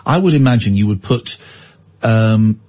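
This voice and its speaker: Husky-voiced joking male radio host. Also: lowish voice, lively intonation, measured pace, warm tone, dull audio. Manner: joking, mock-arrogant banter. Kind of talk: casual radio chat.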